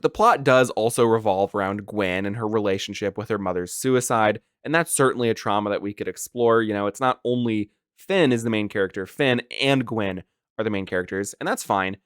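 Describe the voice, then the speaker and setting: A man's voice: fairly low pitch, brisk, smooth, no room sound, clean studio sound. A man hosting a casual film review, talking sarcastically and with exasperation, with many filler "like"s. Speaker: movie review host.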